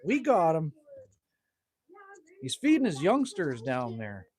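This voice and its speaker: A man's voice: on the high side, wildly swooping pitch, slow, darkish tone. A man from Manitoba hosts a casual outdoor livestream from his cabin in the evening. He chats with viewers in a laid-back way, teasing himself and tossing in "man" and mild swearing. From Manitoba, Canada. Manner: laid-back and chatty, teases himself, swears lightly, says "man" often. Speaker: livestream host. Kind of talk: casual livestream chat reading viewer comments.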